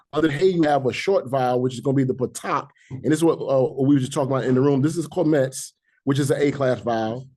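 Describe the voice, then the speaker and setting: A man teaching a Hebrew reading class, patiently explaining rules and sounding out syllables slowly, one by one. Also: mid-range voice, mellow. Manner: patient, repeats sounds slowly to demonstrate pronunciation. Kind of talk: classroom language lesson.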